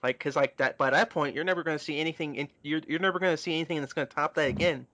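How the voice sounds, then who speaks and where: A man's voice: a little high, pushed and bright, a little hiss or hum. Crude, mocking man reading aloud. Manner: mocking, crude, quick asides between read passages. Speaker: podcast co-host reading fan fiction aloud. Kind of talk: casual comedic group reading.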